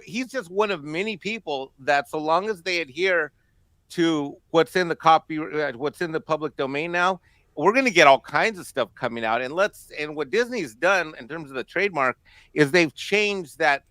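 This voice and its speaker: A man's voice: on the high side, moderate pace, bright, forceful tone, no echo. A man co-hosting a casual panel discussion, rambling with many fillers and laughing at times. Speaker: co-host.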